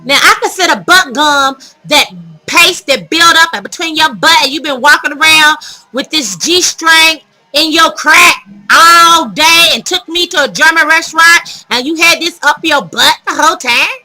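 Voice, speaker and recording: Bright, high-voiced woman telling a story. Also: measured pace, rough recording. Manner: animated, dramatic, laughs mid-story. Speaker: vlogger telling her dating stories. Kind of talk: casual storytelling to camera.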